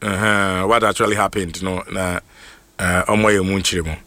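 Excitable Ghanaian radio host, forceful voice. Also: male voice, deep voice, normal speed. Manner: excitable, playful, jokes and laughs between names. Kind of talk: call-in radio shout-outs.

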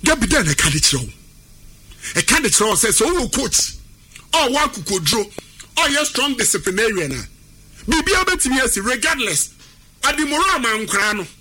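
A man with a Ghanaian accent giving animated sports talk, emphatic and repetitive, drifting into a sing-song delivery. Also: extremely high pitch, a little fast, pauses often. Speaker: sports pundit. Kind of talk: animated sports talk mixing Twi and English.

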